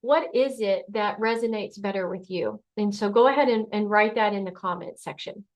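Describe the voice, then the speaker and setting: A woman's voice: medium pitch, moderate pace. A middle-aged woman, a functional medicine doctor, giving a conversational motivational health talk and acting out everyday scenarios. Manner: conversational, acts out scenarios in quoted voices.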